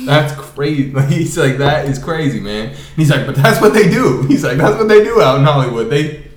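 A man's voice: a little high, normal speed, a crowd in the background. A young man co-hosting a casual podcast, telling stories with a lot of laughter. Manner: laughing, animated retelling of stories. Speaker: co-host. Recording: echoey room.

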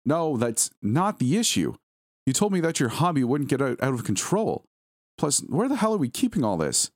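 Brief: man putting on a sharp wife's voice, pitched way up, swooping, dry close sound. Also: very animated, moderate pace, no room sound. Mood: exasperated. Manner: sarcastic, raised voice. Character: exasperated young wife, sharp and sarcastic.

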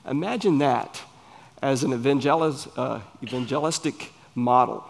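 A man with a Southern US accent, preaching a sermon in an earnest, emphatic way with pauses between phrases. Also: mid-range voice, lively intonation, gravelly. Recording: long hall reverb.

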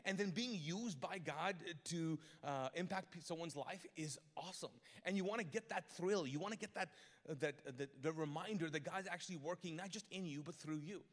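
A man pastor with a slightly high voice tells a story in a lively, chatty way, with plenty of humor and quick restarts. He is recorded live on a stage microphone in a large church auditorium. A long reverb trails after each phrase. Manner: animated, conversational, humorous, with quick self-corrections. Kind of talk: storytelling sermon.

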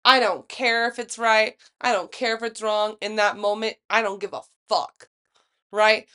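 A young woman co-hosting a podcast, telling a story in a casual, profane, animated way and acting out the quotes. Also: medium pitch, unhurried, clear, resonant tone. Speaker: podcast co-host. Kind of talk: casual chat.

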